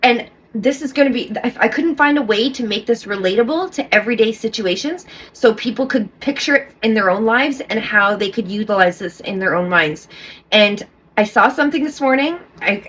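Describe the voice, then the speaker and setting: A woman's voice: mid-range voice, fairly bright tone. A middle-aged woman talking casually to camera as a vlogger, rambling with restarts and often checking in with "okay?".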